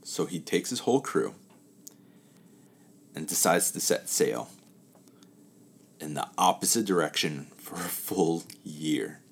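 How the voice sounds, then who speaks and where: A man hosting a casual talk who tells a spoken parable in a relaxed, chatty way, letting his phrases trail off softly. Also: very deep voice, slow pace, creaky, pauses often, breathy edge.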